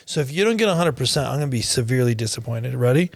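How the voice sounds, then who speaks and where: A man's voice: medium pitch, animated, rapid-fire, vocal fry, no room sound. A man hosting a podcast in casual, joking, teasing banter with his co-host.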